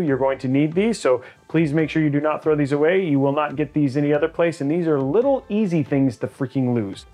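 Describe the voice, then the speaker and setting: A tech channel host with a slightly high voice leads a hands-on tutorial, walking through each step with energy, chatty fillers, and quick asides.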